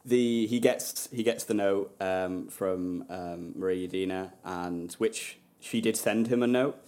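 A man co-hosting a casual film podcast, hesitant with ums and quick to laugh. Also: low-pitched, a little mellow. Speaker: podcast co-host. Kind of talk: casual chat about a film.

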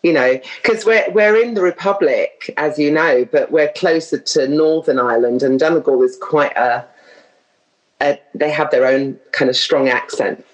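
A woman's voice: sits low, normal speed, rough recording. A middle-aged woman from London with an English accent, talking casually as a guest and drifting off on tangents. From London, England. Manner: chatty, drifts off on tangents, laughs often. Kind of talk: casual chat.

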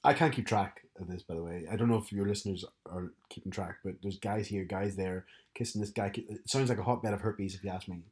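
A man's voice: on the low side, fairly even intonation, fairly quick, hardly any pauses, darkish tone. A man co-hosting a podcast, chatting casually with dry, teasing humor. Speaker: podcast co-host. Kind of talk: casual chat.

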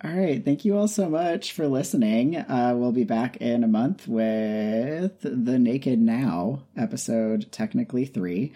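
A man at a middle pitch, chatting easily as a podcast co-host and sign-off voice. His talk is loose and friendly, broken up by frequent laughter. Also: unhurried, hardly any pauses. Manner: relaxed, laughs often while talking. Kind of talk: casual podcast chat.

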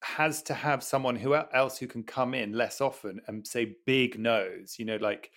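A man's voice: mid-range voice, moderate pace, fairly bright tone. A man, a guest and new father, thinking aloud in a casual chat with lots of hedging fillers.

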